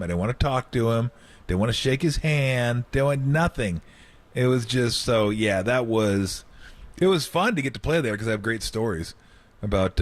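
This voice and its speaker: A middle-aged man, a former player, telling stories on a sports radio show and acting out the quotes. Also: medium pitch. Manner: animated storyteller, acts out quotes, laughs often. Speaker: former basketball player guest. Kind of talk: radio sports talk storytelling.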